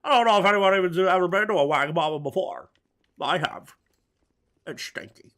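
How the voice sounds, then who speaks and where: Man, high and bright voice, rambling gameplay commentary with absurd crude jokes. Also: fairly quick. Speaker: gaming video host. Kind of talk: let's-play commentary.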